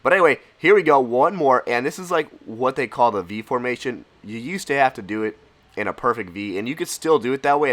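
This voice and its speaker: Congested young man commenting on gameplay. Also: fairly low pitch. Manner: excitable, casual. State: congested with a cold. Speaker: gaming channel host.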